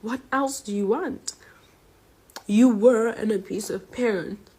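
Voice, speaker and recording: A woman's voice: fairly high pitch, takes it slowly, a little mellow, breathy edge. A young woman student from South Africa venting angrily online and confronting her mother directly. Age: young adult. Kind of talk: emotional social media rant.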